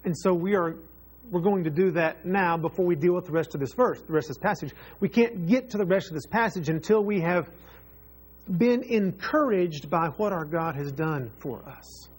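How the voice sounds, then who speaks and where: Guy preaching a sermon, kinda high and husky, earnest, says stuff twice for emphasis. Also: moderate pace. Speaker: pastor.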